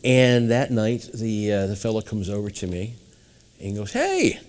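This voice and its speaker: A man from New England with a fairly low voice spins long, winding anecdotes as an interview guest. He jumps into other people's voices as he tells them. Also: steady tone, normal speed, a little mellow. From New England, USA. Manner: rambling anecdotal storyteller, acting out quoted voices. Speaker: guest mentalist. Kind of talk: storytelling interview.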